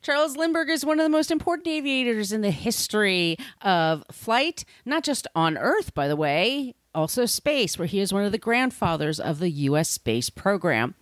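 A woman's voice: mid-range voice, big pitch swings, moderate pace, few pauses, dry recording. Woman podcast host, chatty and irreverent, dry close sound. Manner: chatty, irreverent, swears casually. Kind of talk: casual podcast chat.

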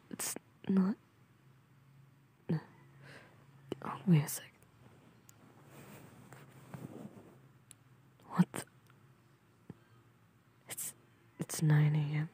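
A grumpy, sleepy young man, as a woman puts him on in a whispered role-play. His voice is very husky and breathy, dark in tone, and he drags each word out slowly. He talks in a curt, irritable, mocking way. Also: low voice, steady tone, full character voice. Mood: sleepy, annoyed. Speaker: voice actor.

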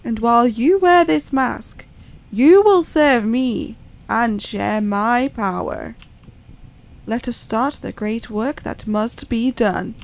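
Woman putting on a looming otherworldly master, slow solemn commands, fairly high voice, gravelly edge. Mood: commanding.

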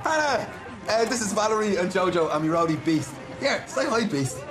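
A loose wasted british rock singer, voice bouncing all over. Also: male voice, high-pitched, animated, brisk, crowd noise. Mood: careless. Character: Bryn, a druggy rock band singer. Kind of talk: British TV sitcom acting.

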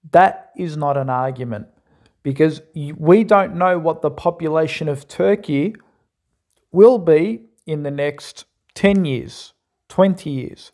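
A man's voice: a little high, a little mellow. Earnest man arguing in a reaction video. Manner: earnest, argumentative, repeats points. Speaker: commentator reacting to a clip. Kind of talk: reaction commentary.

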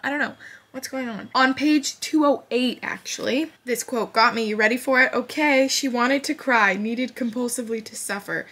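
Woman, book vlogger, husky voice, casual and candid, reads passages aloud with feeling. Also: a little high, normal speed, sharp tone. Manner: candid and emotional, swears casually.

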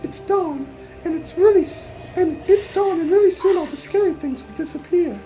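A woman voicing a scared but sweet little girl in a game, talking high and earnest. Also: moderate pace, dark tone, faint music behind, poor audio.

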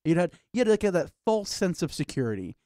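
A man co-hosting a casual podcast, talking animatedly and acting out little scenes in put-on voices. His voice sits high and swoops all over. The sound is close and dry, with no room around it. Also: big pitch swings, fairly quick, dark tone, dry recording. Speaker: podcast co-host. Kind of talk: casual chat about games and horror.

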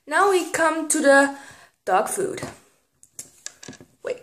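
A teenage girl, filming a casual vlog and getting excitable, squealing when something pleases her. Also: sits high, slow pace, a little hiss or hum. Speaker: vlogger. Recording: echoey room.

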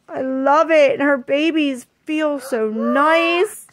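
Chatty high-voiced woman gushing on phone. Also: slow, few pauses, a bit bright. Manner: chatty and gushing, frequent fillers and apologies. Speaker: vlogger. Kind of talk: casual unboxing vlog.

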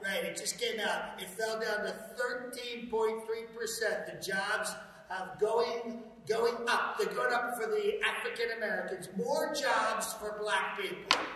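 A blustering boastful president. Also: male voice, high voice, unhurried, sharp tone, very echoey, long reverb tail, far from the mic, slight background noise, low-quality recording. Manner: boastful, repetitive, whiny. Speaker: actor doing a president impression. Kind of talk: comedic impression.

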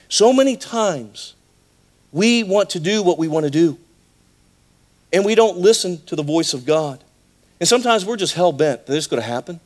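A man preaching a sermon in a church, telling a Bible story in an animated way with acted voices. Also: sits high, moderate pace, long pauses. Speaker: pastor.

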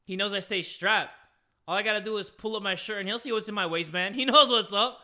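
A young man doing let's-play commentary, excitable and jokey, shouting when scared. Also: high-pitched, brisk. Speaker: gaming YouTuber. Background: game music.

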